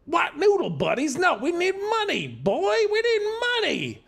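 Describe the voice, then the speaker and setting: A man's voice: very high-pitched, huge pitch swings, unhurried, creaky, a bit bright, pitched above the performer's own voice, exaggerated voice. A man doing a smug Chicago greaser thug. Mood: menacing. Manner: threatening, wise-guy bluster.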